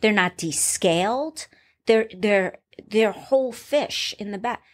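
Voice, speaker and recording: Middle-aged woman, chef, casual interview storytelling, animated, acts out quotes. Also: mid-range voice, takes it slowly. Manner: animated, acts out a shouting boss in quoted bursts. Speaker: chef, former cooking-show contestant.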